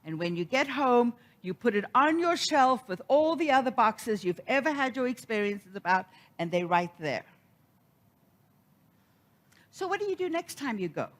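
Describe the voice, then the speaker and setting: Middle-aged woman preacher, animated storyteller with a lively, swooping delivery. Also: medium pitch. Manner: storytelling, animated, acts out quoted voices. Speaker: minister. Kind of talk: sermon.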